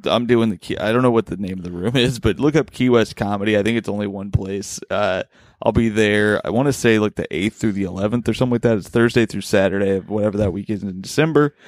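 A man with a lowish voice hosting a podcast in a casual, rambling way, swearing freely as he talks. The sound is dry and close, with no room ring. He rushes through long lists, piling on restarts as he goes. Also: darkish tone, no echo. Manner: loose, rambling, swears often. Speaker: podcast host. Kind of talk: casual chat.

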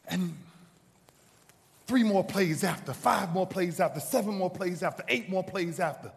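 A man giving an inspirational speech to a live audience, telling a story dramatically and swinging from loud bursts to hushed asides. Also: sits high, normal speed, vocal fry. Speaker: motivational speaker. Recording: long reverb of a large hall.

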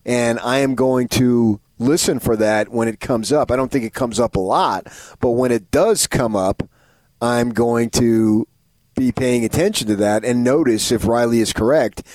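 A man's voice: medium pitch, measured pace, darkish tone, no room sound. A man co-hosting a sports radio show, bantering in a mock-indignant, theatrical way. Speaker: radio co-host. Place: radio studio.

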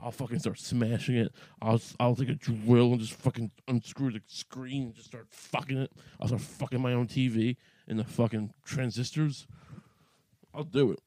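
A man's voice: mid-range voice, steady tone, moderate pace, mellow, no echo. A man hosting a podcast, talking in a rambling, profane monologue full of restarts and asides. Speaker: podcast host.

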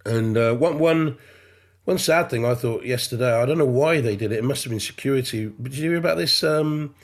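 Man, podcast co-host, mid-pitched, steady informative football chat. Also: a little fast.

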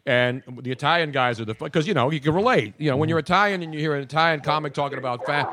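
A man hosting a radio talk show, chatting quickly and enthusiastically. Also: fairly high pitch, fairly bright tone, dry recording. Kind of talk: casual radio chat.

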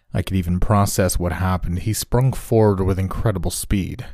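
A man reading a first-person horror story aloud as a scripted narration, in a steady, measured storytelling manner. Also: deep voice, dry recording, clean studio sound.

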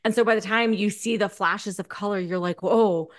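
A woman's voice: medium pitch, fairly even intonation, brisk, a bit bright. A woman co-hosting a casual film talk, chatty and full of fillers and restarts. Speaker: podcast co-host.

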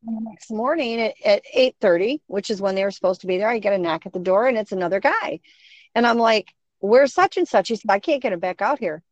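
A woman's voice: mid-range voice, fast talker, no room sound. Middle-aged woman, casual storyteller, acts out quotes, muffled close sound. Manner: animated, acts out quoted voices. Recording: dull, dry sound.

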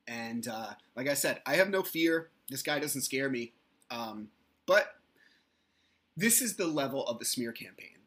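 A man's voice: medium pitch, pushed and bright. A man in his thirties hosting a solo podcast, telling a heated personal story, swearing and acting out what others said. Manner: heated storytelling, swears, acts out quoted people. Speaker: podcast host.

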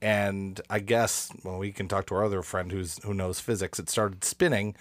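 A man's voice: low voice, flat delivery, moderate pace, no echo. A man co-hosting a podcast, telling a story in a casual, rambling way. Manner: rambling storyteller with frequent restarts. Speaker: podcast co-host. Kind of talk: casual chat.

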